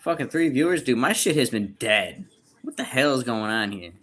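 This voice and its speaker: A man's voice: fairly low pitch, expressive, normal speed, a bit bright, slight background noise. A young man livestreaming, answering chat questions in crude, profane, slangy banter. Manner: reads chat questions aloud and answers bluntly.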